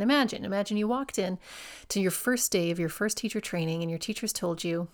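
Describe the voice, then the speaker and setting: A woman's voice: mid-range voice, fairly quick. A woman in her forties who hosts a podcast for yoga teachers, speaking to the listener in a reflective, encouraging way and often asking them questions. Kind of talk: reflective solo podcast talk.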